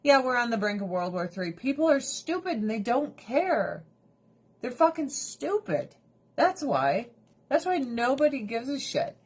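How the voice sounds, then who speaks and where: A woman's voice: fairly high pitch, big pitch swings, measured pace, slightly rough. Blunt, swearing woman chatting on a livestream. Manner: profane, blunt ranting with frequent laughs. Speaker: livestream host. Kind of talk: casual livestream chat while doing skincare.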